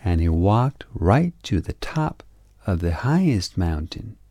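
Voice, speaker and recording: Slow, gravelly man reading a children's story. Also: deep voice, big pitch swings, warm tone, no room sound, studio quality. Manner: slow, measured storybook narration.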